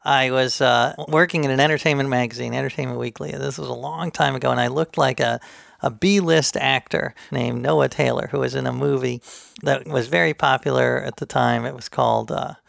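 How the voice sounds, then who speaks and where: A man's voice: medium pitch, fairly even intonation, fairly quick, gravelly, fairly bright tone, no echo, studio quality. A middle-aged man, an author and guest on a podcast, telling self-deprecating stories with loose fillers. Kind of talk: storytelling in a podcast interview.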